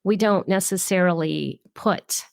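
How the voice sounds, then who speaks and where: A woman's voice: lowish voice, a little slow, creaky, no room sound, clean studio sound. A middle-aged woman hosting a solo podcast, talking in an upbeat, chatty and personal way. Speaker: podcast host.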